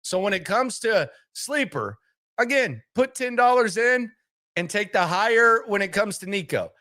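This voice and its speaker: Sports stream host guy, kinda high voice, keeps hammering the same point, rambly. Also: animated, measured pace, bright, forceful tone. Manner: emphatic and repetitive, hammering points home; rambling, with many restarts and asides. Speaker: sports talk show host. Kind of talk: live-streamed sports commentary.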